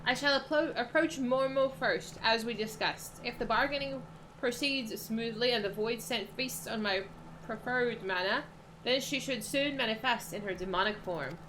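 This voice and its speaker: A woman's voice: a little high, moderate pace, fairly bright tone, a little hiss or hum, close to an everyday voice, poor audio. A woman reading as a formal scholarly mage. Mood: earnest. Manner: reads formal, old-fashioned lines.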